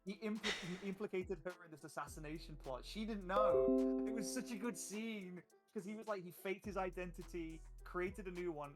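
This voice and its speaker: A man's voice: sits high, normal speed, hardly any pauses, loud music behind the voice. A man who hosts a chat and runs a tabletop game, rambling through stories with fillers and laughs. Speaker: host and game master. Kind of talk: casual chat.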